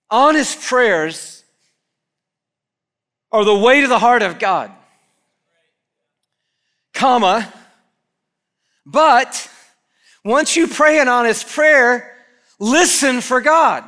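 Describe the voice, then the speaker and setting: Male pastor, high clear voice, lively preacher in a church. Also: very slow, long pauses. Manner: animated preaching, acting out quoted prayers. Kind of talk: sermon.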